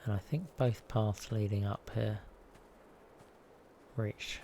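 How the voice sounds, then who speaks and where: Streamer, gravelly low voice, chatty and rambling, noisy audio. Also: male voice, steady tone, takes it slowly, dark tone. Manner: chatty, rambling, self-deprecating. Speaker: game streamer. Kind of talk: casual live-stream commentary.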